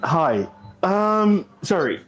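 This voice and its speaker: A man's voice: high-pitched, sing-song, drawn-out words, a bit bright, faint music behind, full character voice, poor audio. An actor playing a male customer in a comedy skit who switches between a put-on posh voice and a heavy put-on accent. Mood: playful.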